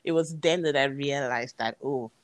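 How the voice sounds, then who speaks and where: Earnest low-voiced woman. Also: moderate pace, no room sound. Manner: earnest, animated retelling with quoted dialogue. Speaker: guest telling her story. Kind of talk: personal storytelling.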